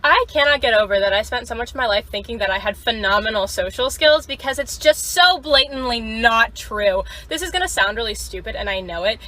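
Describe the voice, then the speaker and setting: Bright-voiced young woman telling a story. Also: on the high side, lively intonation, a little fast, few pauses, dry recording, low-quality recording. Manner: rambling, self-mocking, trails off and restarts. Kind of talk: casual storytelling to camera.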